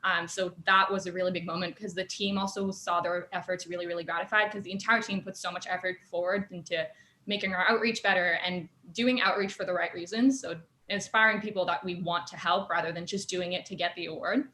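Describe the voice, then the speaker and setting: A woman's voice: on the low side, fairly even intonation, brisk, sharp tone. A young woman telling stories from her student robotics team in a casual chat, with lots of fillers and laughter. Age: young adult. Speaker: guest. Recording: echoey room.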